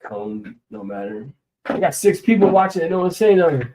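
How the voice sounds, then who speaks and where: A man's voice: on the high side, big pitch swings, moderate pace, warm tone, low-quality recording. A man chatting casually on his own livestream, rambling and laughing often as he shows off coins. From US West Coast. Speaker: livestream host. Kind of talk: casual live-stream chat.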